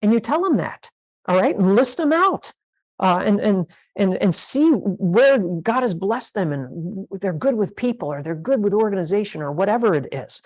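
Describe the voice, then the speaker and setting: A woman's voice: mid-range voice, animated, moderate pace, a little mellow. A woman pastor teaching a leadership master class, emphatic and repeating her key phrases, sometimes playing out sample conversations.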